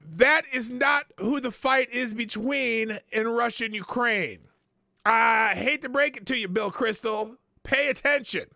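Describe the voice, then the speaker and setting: A man's voice: sits high, gravelly, sharp tone, dry recording, studio quality. A man hosting a political commentary livestream, blunt and profane, rambling with restarts and short laughs. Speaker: host.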